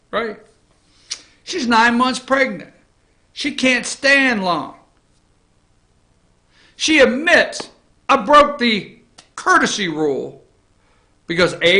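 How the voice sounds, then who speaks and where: A middle-aged man hosting an opinion talk show, ranting combatively and swinging between loud and low.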